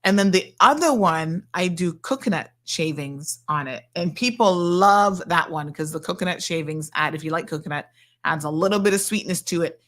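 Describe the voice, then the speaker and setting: A woman's voice: on the low side, moderate pace, fairly bright tone. Chatty woman hosting radio. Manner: chatty, playful, reads out listener messages. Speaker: radio show host. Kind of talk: casual chat with listeners. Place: radio studio.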